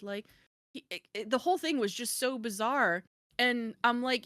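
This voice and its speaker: A woman hosts a podcast in casual chat, her voice a little high and a little fast, with no echo. She's an animated storyteller who acts out the people she quotes.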